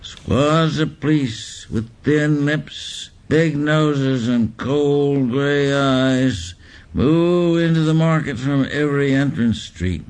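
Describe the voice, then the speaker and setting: A man reading literary prose aloud in a deliberate, deadpan recital. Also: fairly high pitch. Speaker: reader.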